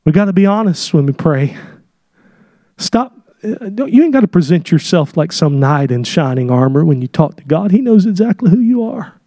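A man preaching a sermon in a church, speaking in an emphatic, impassioned way that swells into shouts, with direct, folksy wording. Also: high-pitched, sing-song, normal speed, no room sound, clean studio sound. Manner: folksy, direct, with casual slang. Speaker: pastor. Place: church sanctuary.

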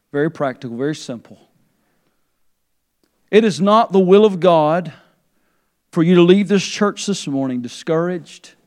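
A man, a pastor, preaching a sermon in a church. He rises to a near shout when quoting scripture and drops to a soft, low voice when leading prayer. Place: church sanctuary.

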